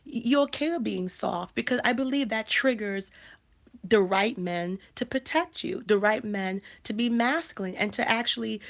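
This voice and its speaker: A woman in her thirties hosting a casual livestream, talking emphatically and repeating phrases with frequent restarts. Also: mid-range voice. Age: 30s. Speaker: life coach and channel host.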